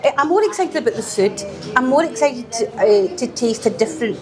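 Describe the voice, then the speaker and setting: A Scottish woman hosting a podcast, chatting casually, animated, laughing often and echoing her guest's words. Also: a little high, brisk, over music. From Scotland. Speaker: podcast host. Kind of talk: casual chat.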